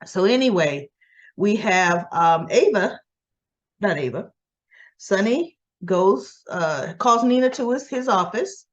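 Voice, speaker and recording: A woman's voice: medium pitch, animated, slow pace, highs cut off. A woman in casual chat, giving a chatty, opinionated recap of a soap opera episode. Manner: chatty and opinionated, acts out dialogue.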